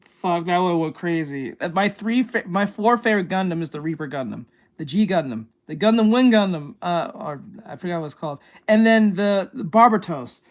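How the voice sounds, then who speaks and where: A woman doing casual gaming reaction commentary, excitable, swearing and often shouting. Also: on the low side, normal speed. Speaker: YouTuber reacting to videos. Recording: voice with music playing behind. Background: clear music.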